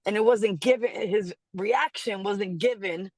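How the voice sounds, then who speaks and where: Animated woman telling a studio story. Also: mid-range voice, a little slow, no echo. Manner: animated storyteller, acts out quotes, laughs often. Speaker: guest artist. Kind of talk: casual storytelling interview.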